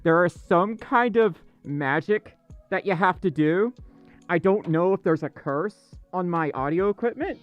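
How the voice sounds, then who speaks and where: A man's voice: high-pitched, animated, a little slow, muffled recording, faint music behind. A man hosting a casual livestream chat, flustered, stammering and apologetic. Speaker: livestream host. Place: dark room indoors.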